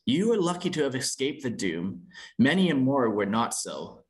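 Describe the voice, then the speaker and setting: A man reading as a calm, earnest god-king. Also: medium pitch, a little slow, close to an everyday voice. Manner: calm, pleading, formal. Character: godlike male warrior-king, calm and earnest.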